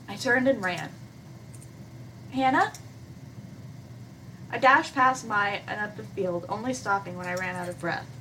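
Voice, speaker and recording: A woman hosting a game playthrough, reading a visual novel aloud in an expressive, animated way and adding her own comments. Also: medium pitch, distant mic, poor audio. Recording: voice from away from the mic with faint hiss.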